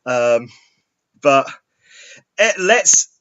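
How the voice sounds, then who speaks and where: A man's voice: mid-range voice, extremely slow. Giggly man on a muffled lo-fi podcast. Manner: laughing often, swearing, telling stories with animated quoting. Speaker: podcast guest. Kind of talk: casual chat. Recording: dull lo-fi sound.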